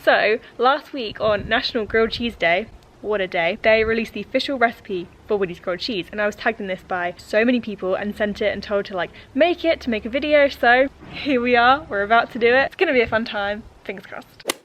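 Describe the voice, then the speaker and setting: A woman's voice: fairly high pitch, fairly quick, fairly bright tone. A young woman from the UK chatting casually and giggling through a home cooking vlog in her kitchen. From United Kingdom. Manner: chatty, giggly, self-mocking. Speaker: vlogger. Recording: echoey kitchen, mic far off, noisy.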